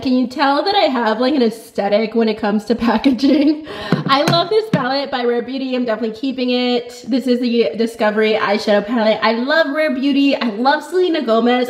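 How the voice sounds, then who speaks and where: A woman in her thirties chats through a beauty vlog, sentimental and rambling, full of fillers. Her voice sits a little high. The room around her is echoey. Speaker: beauty vlogger. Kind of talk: casual chat.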